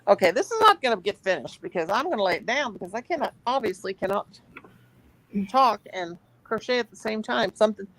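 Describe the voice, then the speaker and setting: A woman's voice: mid-range voice, big pitch swings, brisk, fairly bright tone, no room sound, poor audio. A middle-aged woman, chatting casually and laughing often while she crochets and counts stitches aloud on her channel.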